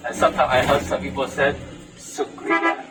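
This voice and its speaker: A man with a Vietnamese accent, a tour guide explaining things to tourists in halting English full of "uh" fillers, inside a tour bus. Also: medium pitch, very animated. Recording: from a distance on a bus, music behind.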